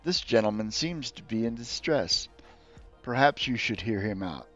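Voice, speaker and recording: A kindly old alien gentleman who shuffles slowly and speaks in a gentle, measured way, put on by a man running the game. The stream sound is slightly dull, with faint music behind. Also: lowish voice, animated.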